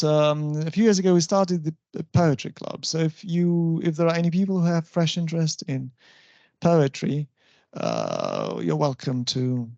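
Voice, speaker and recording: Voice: mid-range voice, gravelly, a little mellow, no room sound, muffled recording. A university lecturer teaching an English stylistics class, explaining step by step and often checking that the students follow.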